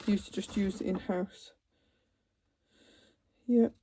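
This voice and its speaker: Slow-talking woman, mellow and chatty. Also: mid-range voice, fairly even intonation, a little hiss or hum. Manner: chatty, unhurried, trailing asides. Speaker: cross-stitch vlogger. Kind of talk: casual chat while unboxing. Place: home, seated in a computer chair.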